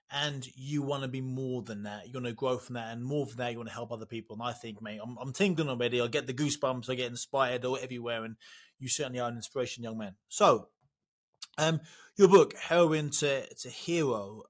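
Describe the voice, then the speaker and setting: British guy hosting a podcast, gushing and enthusiastic, lots of restarts, average pitch. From Britain. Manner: effusive, enthusiastic, many restarts. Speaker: podcast host. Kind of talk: casual interview chat. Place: living in America.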